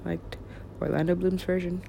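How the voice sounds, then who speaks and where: A woman's voice: fairly low pitch, flat delivery, moderate pace, vocal fry, dark tone, slight background noise. A woman recording herself in a rambling solo monologue, talking to herself and swearing casually. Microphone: self-recorded.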